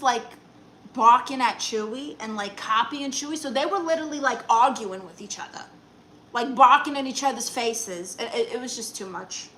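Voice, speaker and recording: A woman with a Brooklyn accent, speaking in a forceful, bright and slightly high voice. She reads her chat out loud and talks back to it with brassy, teasing sass. A faint hum sits behind her. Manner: brassy, sassy, teasing banter. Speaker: comedian reading live chat comments. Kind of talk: live-stream chat in a sassy aunt persona.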